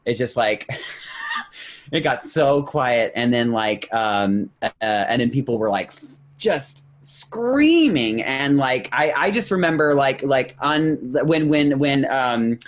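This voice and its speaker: A man on a casual podcast telling an excited story, full of fillers and acted-out reactions. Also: medium pitch, takes it slowly. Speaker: podcast host.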